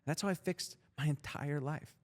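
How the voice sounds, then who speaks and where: A man's voice: fairly high pitch, normal speed. A young man as a podcast guest, telling his story in a blunt, profane, intense motivational way. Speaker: guest entrepreneur.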